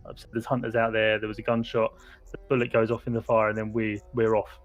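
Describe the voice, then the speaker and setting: A man's voice: on the low side, completely flat delivery, fast, highs cut off. A man playing a tabletop game, rambling and restarting as he plans his moves aloud. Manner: rambling, restarting sentences while planning aloud. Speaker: player. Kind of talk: tabletop role-play chat. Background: faint background music.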